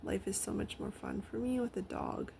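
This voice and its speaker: A woman talking casually about her dog at home, rambling with many fillers and now and then dropping to a soft whisper. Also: medium pitch, steady tone, moderate pace, creaky, a little hiss or hum. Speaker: vlogger. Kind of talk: casual personal storytelling.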